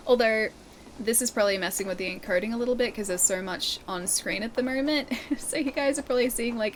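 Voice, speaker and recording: A woman's voice: on the high side, slight background noise. A woman with an Australian accent, chatting casually with her viewers while she plays a game live, laughing often and answering chat. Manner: chatty, giggly, reads chat aloud. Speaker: livestreamer.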